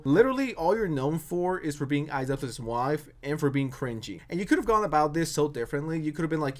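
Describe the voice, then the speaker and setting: A man's voice: on the high side, sing-song, fast, few pauses. A man ranting in a sarcastic, mocking tone as a commentary YouTuber.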